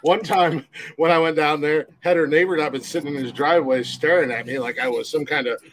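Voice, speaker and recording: A man's voice: fairly high pitch, brisk, fairly bright tone, a little hiss or hum, poor audio. A man co-hosting a podcast, telling a rambling story in casual chat and laughing a lot. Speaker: podcast co-host.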